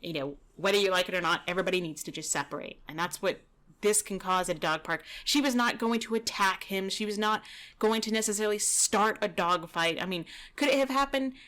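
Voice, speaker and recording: A woman dog trainer giving relaxed, casual commentary over video footage, explaining with lots of "you know" and "kinda". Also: medium pitch, fairly quick.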